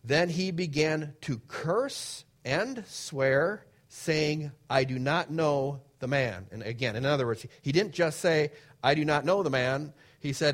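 A man's voice: fairly high pitch, unhurried. A man preaching a sermon, reading scripture verses aloud and then explaining them in plain conversational asides.

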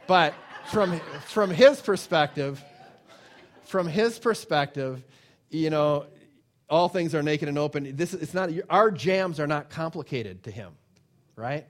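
Speaking slowly in a slightly high voice, a male preacher tells a personal story within an informal sermon, performing the voices of people he quotes, repeating phrases, and frequently starting sentences over.

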